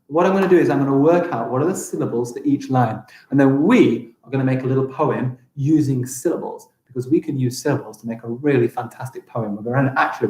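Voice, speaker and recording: A young English man teaching a live-streamed primary school lesson, upbeat and encouraging, sounding out words slowly. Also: mid-range voice, a little mellow, reverberant, low-quality recording.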